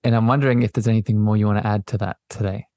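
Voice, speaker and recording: A man hosting a podcast, talking in a gentle, affirming way and often circling back over his words. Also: lowish voice, steady tone, rapid-fire, dry recording, clean studio sound. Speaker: podcast host. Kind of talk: reflective spiritual conversation.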